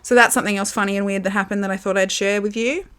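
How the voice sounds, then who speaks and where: A woman's voice: mid-range voice, fairly even intonation, very fast, fairly bright tone, slight background noise. A young Australian woman hosting a solo podcast, talking candidly and casually with lots of fillers and the odd swear word. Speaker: podcast host. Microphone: camera with built-in mic.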